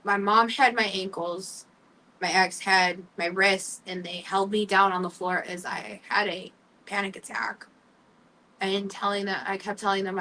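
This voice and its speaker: A young woman speaks candidly as a talk show host, sharing a personal story with halting pauses and fillers. Her voice sits at a middle pitch and comes across a little distant from the microphone. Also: level tone, sharp tone. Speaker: podcast host.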